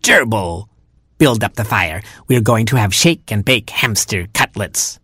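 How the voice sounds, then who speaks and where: Gloating old porcupine lady done by a guy, slow and drawn out, husky, dry storybook read. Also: fairly low pitch, expressive, bright, forceful tone, no echo, exaggerated voice. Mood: greedy scheming. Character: greedy old female porcupine cook.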